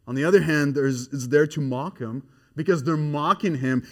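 A man preaching an expository sermon, swinging from hushed, grave passages to loud, excited emphasis. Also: fairly high pitch, normal speed.

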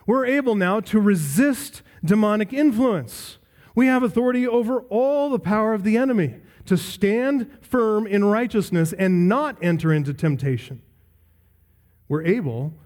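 A man preaching an expository sermon as pastor, emphatic and building through repeated phrases, sometimes dropping to a quiet voice. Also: sits high.

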